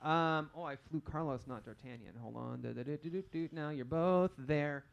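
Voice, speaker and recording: A man running a tabletop game as game master, playful and quick with asides. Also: on the high side, vocal fry, clean tone, highs cut off.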